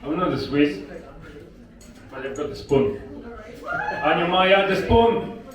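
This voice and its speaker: A man's voice: on the high side, unhurried. A man joking around as a contestant at an open mic night. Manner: playful, jokey. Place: bar stage with audience. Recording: echoey room, mic from far off, loud crowd.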